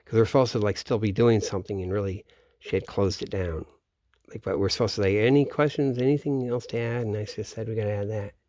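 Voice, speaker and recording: A man's voice: on the low side, fairly even intonation, fast, warm tone, no room sound, studio quality. A man vlogging in a meandering, profane casual monologue, often trailing off and restarting sentences. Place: home in Florida, at night.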